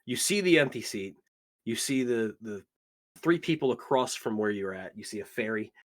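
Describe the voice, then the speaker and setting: A man running a tabletop game as game master, casual and animated, swearing often. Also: fairly low pitch, normal speed.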